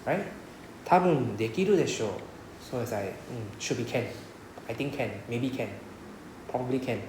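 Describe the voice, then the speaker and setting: With a Singaporean English accent, a man teaches a Japanese class in a lecture, explaining patiently and frequently checking in with "right?". His voice is medium in pitch and a little fast, and the recording is reverberant with a noisy background.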